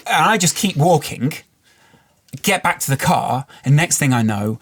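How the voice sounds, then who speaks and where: A man's voice: on the high side, animated, unhurried, husky. A man from the English Midlands, co-hosting a podcast and telling a long rambling story in casual chat. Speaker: podcast co-host. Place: podcast studio.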